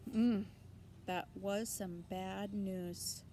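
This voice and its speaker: A woman teacher reads a children's novel aloud expressively, pausing for asides to her listeners. Her mid-range voice is warm and measured, with a little hiss or hum in the recording.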